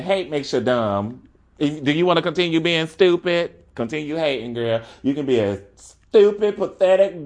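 A man delivering a sassy, emphatic ranting monologue. He keeps repeating his points and laughs between them. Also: mid-range voice.

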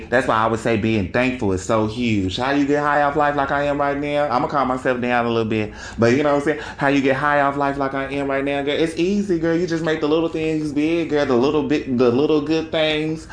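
A man hosting a podcast in casual chat, animated and slangy, swearing freely and laughing often. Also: mid-range voice, a little fast, few pauses. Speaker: podcast host. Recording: echoey room.

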